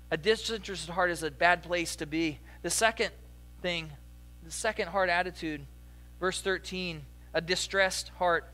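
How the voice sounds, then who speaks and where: A young adult man preaching a sermon as a pastor, in a conversational, animated storytelling way with asides to the congregation. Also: sits high.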